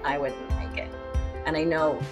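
A woman songwriter being interviewed, speaking in a low, husky morning voice with an intense, earnest manner. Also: little pitch movement, moderate pace, over music. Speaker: guest singer-songwriter. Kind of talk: conversational interview.

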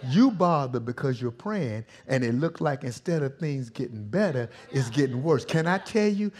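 A male pastor preaching a sermon in a vernacular style, swinging from hushed, intimate passages to loud shouting. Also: medium pitch, expressive, moderate pace.

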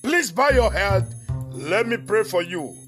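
A woman playing a slow, solemn male church pastor who prays over a churchgoer in a comedy skit. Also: medium pitch, expressive, a bit bright. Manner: slow, drawn-out preaching. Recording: music playing behind.

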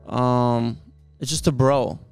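Young Dutch-accented guy, gravelly and easygoing, casual podcast guest. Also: mid-range voice, level tone, takes it slowly, a little mellow, faint music behind. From Netherlands. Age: young adult. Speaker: guest soccer player. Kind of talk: casual chat.

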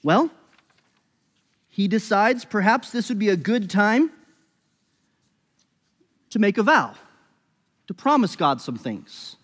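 A man's voice: high voice, very animated, slow, pauses often, fairly bright tone, slightly rough. A man preaching a sermon as pastor, talking conversationally with emphatic rises and frequent restarts. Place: church sanctuary. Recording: long reverb of a church hall.

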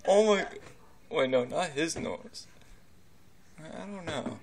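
A man's voice: a little high, animated, takes it slowly. A man giving casual, mocking commentary over a basketball game replay, laughing often. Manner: giggly, mocking, puts on voices for players. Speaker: gameplay commentator. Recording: game crowd noise behind. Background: basketball arena crowd from the game.

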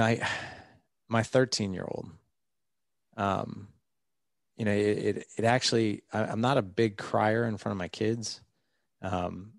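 A man's voice: fairly low pitch, gravelly, no room sound, clean studio sound. A man in his forties, a podcast guest, talking earnestly and rambling a little, with many fillers and restarts. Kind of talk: candid interview storytelling.

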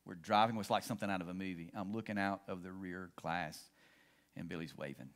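A man's voice: low-pitched, brisk. Storytelling man preaching a sermon. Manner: storytelling preacher, swings between excited and hushed. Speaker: pastor.

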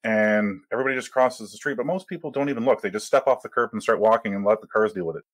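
A man's voice: on the low side, fast, dry recording. A middle-aged Canadian man, a travel blogger guest on a podcast, telling travel stories in casual chat and acting out the locals' voices. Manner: storytelling, acts out locals' voices.

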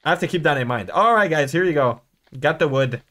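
A young man giving casual commentary over horror games, excitable and jokey, swearing a lot and shrieking when startled. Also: fairly high pitch, brisk. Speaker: gaming YouTuber.

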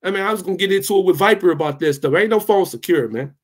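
A young man with a fairly high voice vents at his viewers in a loose, heated rant. He hammers the same lines again and again and swears without a second thought. He stops now and then to answer his live chat. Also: racing. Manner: fired up, repetitive, swears freely. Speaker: tech channel host.

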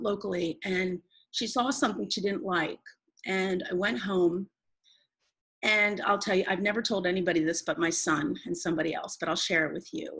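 A woman's voice: lowish voice, fairly bright tone, husky, low-quality recording. A woman who is a guest in a conversation, telling a personal story in an earnest, rambling way with many restarts.

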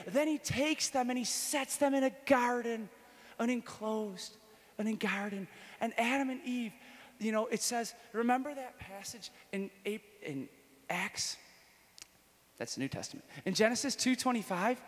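High-voiced priest in a reverberant hall. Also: male voice, normal speed. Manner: animated, jokes with the audience, swings from hushed to excited. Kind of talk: conference talk, storytelling sermon.

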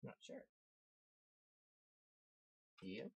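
A woman running a tabletop game on stream as game master, relaxed and chatty with her players. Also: drawn-out words, rough recording.

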